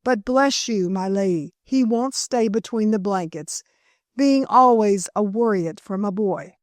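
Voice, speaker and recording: A woman's voice: mid-range voice, a little slow, darkish tone, no room sound, clean studio sound, lightly acted. A woman voicing a rosy-faced, bossy little old housekeeper with rustic country speech. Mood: fussing, bossy.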